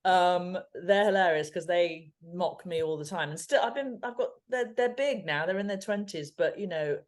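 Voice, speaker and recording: A woman in her fifties with a Home Counties English accent, co-hosting a podcast in a chatty, storytelling way and laughing easily. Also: on the low side. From England. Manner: chatty, anecdotal, quick to laugh. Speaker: podcast co-host. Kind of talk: casual chat.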